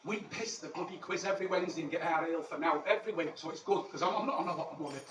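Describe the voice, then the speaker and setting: Racing along at a fairly high pitch, near his natural voice, a male comedian becomes a cheeky Roman soldier living in Manchester for a rambling, crude, boastful monologue. The recording is echoey and noisy, with a distant microphone.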